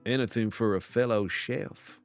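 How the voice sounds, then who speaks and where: A man voicing a smooth, self-assured Southern gentleman chef in a video game dating sim, with a put-on Southern American drawl and slow, low delivery. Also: steady tone, soft background music, close to an everyday voice. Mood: genial.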